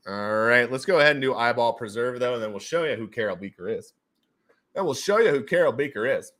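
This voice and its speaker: Male livestream host, bright forceful voice, lively pitch, repeats himself, tosses in goofy sound effects. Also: quick pace. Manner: animated, repeats his own phrases, playful sound effects. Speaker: livestream host running NFT giveaways. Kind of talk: casual livestream commentary.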